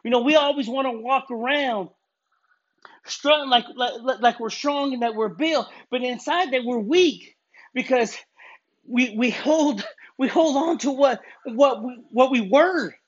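An earnest preacher talks through an informal sermon in a husky, breathy voice, tripping over words and starting sentences again. The recording is dull and lo-fi, with the top end muffled. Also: sits high, a little slow. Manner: earnest, stumbling restarts, gym talk.

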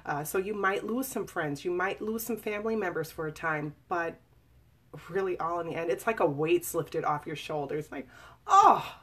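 This is personal testimony from a memoir author in her forties, her voice lowish and her speed normal. She confides her story earnestly, talking casually with restarts and fillers.

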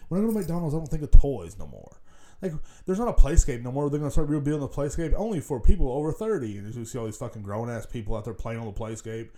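Profane rambling man with a dark voice. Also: medium pitch, expressive, fast talker. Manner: profane, rambling, laughs at his own jokes. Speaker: podcast host. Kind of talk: casual solo rant.

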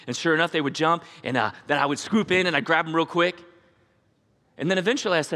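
Bright-voiced pastor preaching in a reverberant hall. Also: male voice, high voice, fast. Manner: animated storytelling, acts out voices, asks the congregation questions. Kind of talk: sermon. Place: church sanctuary.

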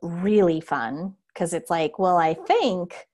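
A bubbly woman talks casually and often speeds up into quick bursts. Her voice sits a little low for a woman. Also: expressive, darkish tone. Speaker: guest distiller. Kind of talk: casual conversation.

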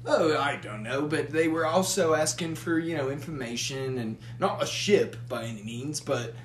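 A man's voice: a little high, normal speed, slight background noise, lightly acted. A man voicing a chatty male dwarf barkeep who rambles with fillers and restarts in an echoey room. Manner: rambling, hesitant, lots of fillers.

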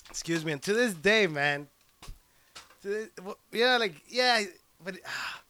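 A young man hosting a podcast as a stand-up comic, talking in a profane, excitable, rambling way full of restarts into a handheld mic. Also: high voice, slow pace, slight background noise. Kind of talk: casual rambling podcast chat. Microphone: handheld microphone plugged into a computer.

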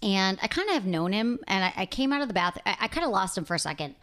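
Woman podcast host, quick talker, lively bouncing pitch, casual chatty storytelling.

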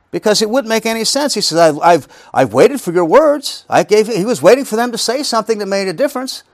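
A man's voice: high-pitched, no room sound, clean studio sound. A middle-aged man teaching a Bible study, reading scripture aloud, then explaining it with rhetorical questions and frequent restarts.

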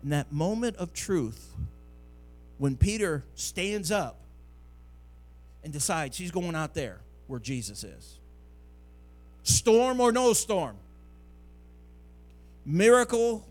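A man's voice: on the high side, a little mellow. A male pastor, preaching a sermon that builds to near-singing climaxes.

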